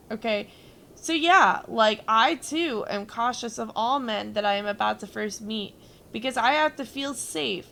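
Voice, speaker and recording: Gravelly-voiced young woman streamer. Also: a little high, normal speed, fairly bright tone, slight background noise. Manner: rambling storytelling, swears freely, chats with viewers. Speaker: gaming streamer. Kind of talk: casual chat while gaming.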